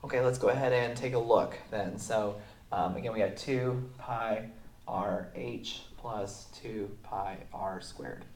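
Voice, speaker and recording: A man's voice: fairly low pitch, slight background noise. Sick male teacher in an echoey room. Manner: relaxed, many ums, walks through steps slowly. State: sick, voice sounds off. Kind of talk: recorded math lesson. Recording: roomy echo.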